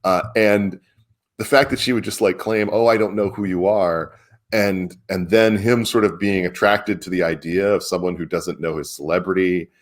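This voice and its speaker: A man's voice: deep voice, fairly even intonation, moderate pace. A man co-hosting a casual political chat, talking emphatically with incredulous, chuckling asides. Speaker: publisher and co-host.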